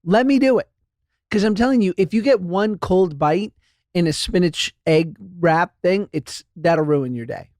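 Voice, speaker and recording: A man's voice: high-pitched, a little slow, a little mellow, no echo, studio quality. A man hosting a podcast in casual chat, playful and rambling with lots of fillers. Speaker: podcast host.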